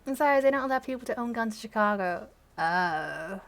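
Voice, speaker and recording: A woman's voice: mid-range voice, lively intonation, fairly quick, creaky. A young woman reading her old teenage story aloud and mocking it with sarcastic, self-deprecating asides and frequent laughter. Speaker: channel host reading her teenage fan fiction aloud.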